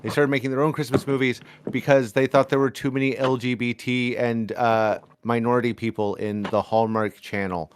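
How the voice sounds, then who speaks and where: A man's voice: mid-range voice, fairly even intonation, normal speed, few pauses, smooth. An American man co-hosting a podcast, talking bluntly and sarcastically, with casual swearing. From United States. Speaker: podcast co-host. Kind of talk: casual chat.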